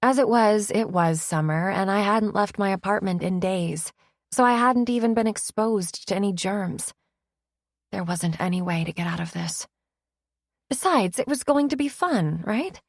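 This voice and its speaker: Wry, expressive woman narrating. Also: mid-range voice, moderate pace, no room sound, studio quality. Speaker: audiobook narrator. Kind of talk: first-person audiobook narration.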